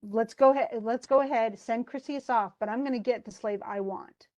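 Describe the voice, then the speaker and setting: A woman's voice: fairly high pitch, normal speed, a little mellow, lightly acted. A woman voicing a greedy, petulant male king in a casual, exasperated retelling voice. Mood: indignant.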